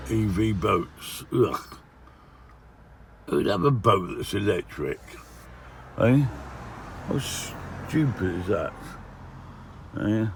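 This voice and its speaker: Gravelly older man vlogging from his van. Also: fairly low pitch, a little hiss or hum. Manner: chatty, with grumbling asides tagged "eh?". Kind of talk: casual travel vlog commentary. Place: outdoors and in a van, touring villages.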